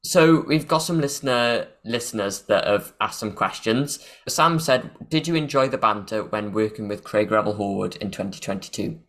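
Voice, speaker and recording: A man's voice: fairly low pitch, normal speed, few pauses, fairly bright tone. A man hosting an interview, reading out listener questions in a friendly way. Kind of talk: casual interview chat.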